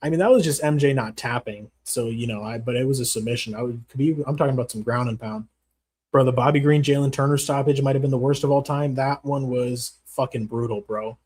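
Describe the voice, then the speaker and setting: A man's voice: medium pitch, fairly quick, a little mellow, slightly rough. Profane, rambling man on a livestream. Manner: profane, rambling, slangy, calls viewers bro. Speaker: MMA channel host reading live chat. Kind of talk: casual livestream chat.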